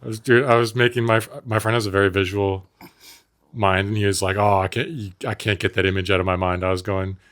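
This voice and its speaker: A man's voice: on the low side, flat delivery, brisk, a bit bright. A man co-hosting a podcast in casual chat. He jokes a lot, laughs often and plays with silly accents. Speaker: podcast co-host.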